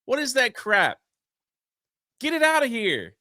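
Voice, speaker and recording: A man's voice: very high-pitched, wildly swooping pitch, measured pace, sharp tone, no echo. A man co-hosting a casual commentary chat, ranting in an exasperated way. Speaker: co-host.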